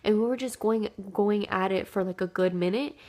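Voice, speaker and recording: A woman's voice: medium pitch, moderate pace, a little mellow. A young woman telling a childhood story to her camera in a casual, chatty way, full of "like" and "dude". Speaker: vlogger.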